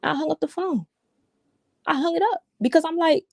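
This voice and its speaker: A woman's voice: high voice, lively intonation, fairly quick, vocal fry, dry recording, studio quality. A woman giving an emotional personal account as an interview guest, talking casually and repeating herself. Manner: casual, repetitive, restarts often, says "yo".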